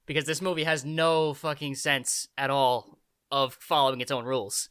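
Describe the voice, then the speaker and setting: A man with a bright, tense voice chats on a podcast and cracks crude, dark jokes. His delivery stays casual and blunt. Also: mid-range voice, little pitch movement, normal speed, clean tone. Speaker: podcast co-host. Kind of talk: casual chat.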